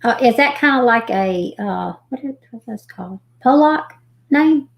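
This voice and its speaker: A woman hosting a live stream, reading missing persons reports aloud haltingly, with folksy chatty asides. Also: on the high side, vocal fry, dull audio. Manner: reads haltingly, stumbling over names and restarting.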